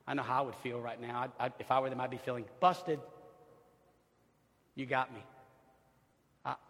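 A man preaching a sermon as pastor, swinging from loud exclamations to hushed, near-whispered lines. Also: medium pitch, steady tone, fast, in a large hall.

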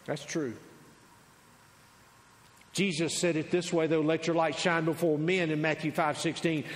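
A male pastor preaching a sermon, swinging between loud declarations and quiet asides. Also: fairly high pitch, flat delivery, a little slow, long pauses. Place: large church sanctuary. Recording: long hall reverb.

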